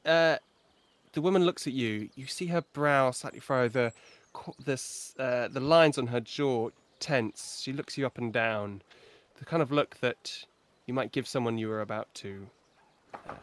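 Slow, measured game master man. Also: medium pitch, no echo. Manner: measured, with frequent "uh" pauses. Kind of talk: narrating a tabletop game.

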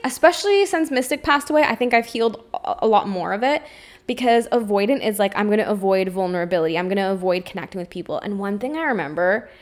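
A young adult woman hosting a solo podcast, talking openly and emotionally, with a lot of "like" in her speech. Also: mid-range voice. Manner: emotional, open, says "like" often. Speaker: podcast host. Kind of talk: candid solo podcast monologue.

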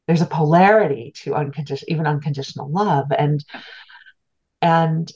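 Low-voiced woman telling a heartfelt story. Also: normal speed, a little mellow, slightly rough. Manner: earnest, reflective, repeats words as she restarts. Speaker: podcast guest, spiritual teacher. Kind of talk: storytelling in an interview. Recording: dull lo-fi sound.

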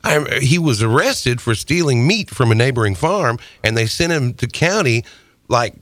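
A man's voice: medium pitch, animated, normal speed, a bit bright, no room sound. Regular mid voice guy, earnest, explaining stuff, dry sound. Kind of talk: casual comedic chat.

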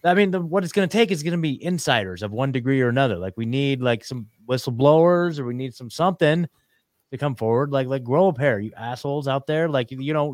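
A man's voice: medium pitch, a little fast, a little mellow, no room sound, clean studio sound. A man in casual podcast chat, ranting emphatically and calling out to listeners.

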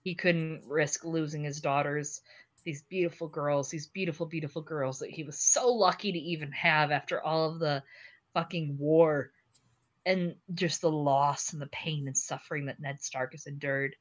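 A woman's voice: low-pitched, fairly even intonation, moderate pace. A tipsy woman co-hosting a casual podcast chat, gushing and laughing often as she talks. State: tipsy from drinking. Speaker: podcast co-host.

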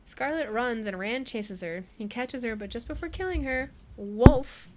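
A woman's voice: a little high, lively intonation, unhurried. A woman co-hosting a podcast, recapping a book in a casual chat, who laughs often and says "like" a lot. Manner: chatty, laughs often, many "like" fillers. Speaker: podcast co-host.

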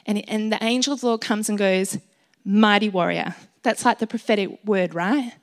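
Woman preaching casually to a room, lots of ums, warm and encouraging, medium pitch. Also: fairly quick. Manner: chatty and encouraging, many ums, light laughs. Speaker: speaker sharing a Bible message. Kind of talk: informal sermon. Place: room with a gathered group.

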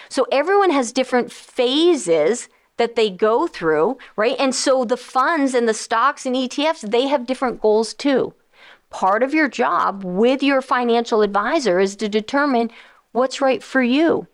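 Animated woman financial advisor talking to listeners. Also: a little high, normal speed. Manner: animated, acts out quoted voices of investors and funds. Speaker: financial advisor and radio host. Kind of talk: casual explanatory talk to listeners.

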